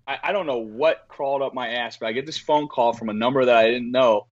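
A man talks in a loose, casual podcast chat, piling on fillers and curse words. His storytelling is animated, and his voice sits in an ordinary mid range. The recording is a little dull and lo-fi. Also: mid-range voice, a little fast. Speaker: record label owner guest.

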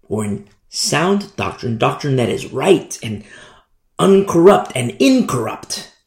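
A man's voice: medium pitch, very animated, takes it slowly, darkish tone. A man preaching a sermon, emphatic and fond of repeating phrases for effect. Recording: echoey room.

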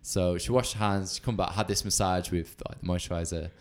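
A man chatting casually, rambling through animated anecdotes. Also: low voice, brisk. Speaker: conversation partner. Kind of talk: casual chat.

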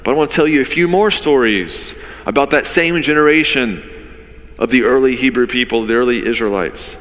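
A man's voice: medium pitch, a little fast, a bit bright. A man, a pastor, giving a conversational sermon with vivid storytelling and rhetorical questions. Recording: long reverb of a large hall.

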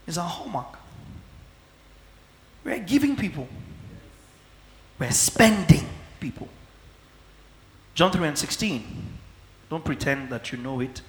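Male preacher, deliberate teaching pace, recorded with long hall reverb. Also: on the high side, a bit bright, slight background noise. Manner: slow, emphatic teaching with frequent checks for understanding. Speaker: pastor. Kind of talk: sermon.

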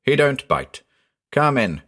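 A man voicing an excitable rustic farmer who talks in folksy backcountry speech with an excited quaver. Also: mid-range voice, takes it slowly, pitched above the performer's own voice, full character voice. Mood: friendly.

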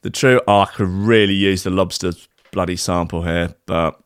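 A man's voice: low-pitched, fairly even intonation, moderate pace, smooth, no echo, studio quality. A man casually reading strange news stories aloud, rambling with frequent fillers and sarcastic asides. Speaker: podcast host reading odd news stories.

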